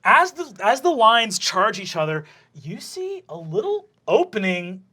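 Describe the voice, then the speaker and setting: A man's voice: high voice, sing-song, unhurried, sharp tone, breathy edge. A young man narrating a tabletop game as game master, casual and full of fillers and swearing.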